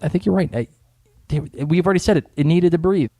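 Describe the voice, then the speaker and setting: A man's voice: on the high side, fast talker, warm tone, dry recording, clean studio sound. A young man with a Boston accent hosting a casual podcast, joking and reading out listener comments. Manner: jokey, reads listener comments. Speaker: podcast host.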